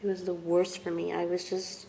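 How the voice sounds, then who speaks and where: A young woman telling her own story in a vlog, speaking softly and haltingly, with long pauses and words that trail off into whispers. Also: fairly low pitch, completely flat delivery, creaky, slight background noise. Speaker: vlogger. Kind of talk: personal testimony vlog.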